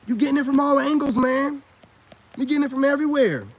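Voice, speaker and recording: A man's voice: very high voice, fast talker. A man in a casual vlog monologue, giving blunt, preachy advice to men in heavy slang and often asking if you get what he's saying. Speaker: vlogger and self-styled spiritual coach.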